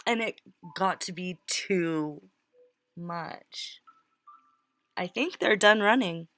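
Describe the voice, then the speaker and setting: A woman giving a casual tarot reading, chatty and quick to laugh, often breaking off and restarting her words. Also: on the low side, fairly bright tone. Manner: chatty, laughs easily, breaks off mid-word. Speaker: tarot reader.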